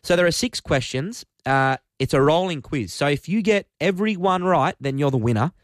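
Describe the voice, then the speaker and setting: A man hosts a live talk-radio quiz. He is upbeat and brisk, and his voice sits a little high for a man. The studio sound is close and dry. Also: animated, no room sound. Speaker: radio host. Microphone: studio microphone.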